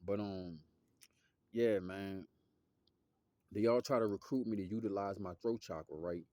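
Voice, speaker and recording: A man's voice: a little slow, mellow, no echo. A young man, talking in a loose, slangy, rambling monologue that drifts off topic. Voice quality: deep voice. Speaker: musician vlogger.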